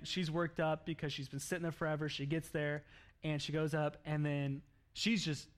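A man preaching a sermon, telling a story in an animated way with laughs and acted-out quotes. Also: on the high side. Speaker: pastor.

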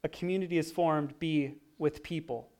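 A man preaching a sermon, animated, swinging from loud emphasis to hushed, quiet asides. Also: on the high side, moderate pace. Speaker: pastor.

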